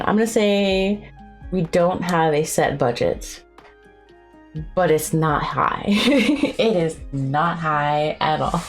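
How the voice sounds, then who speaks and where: A young woman chatting casually on a live stream, rambling and giggling often, with a self-deprecating streak. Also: on the low side. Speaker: streamer and artist.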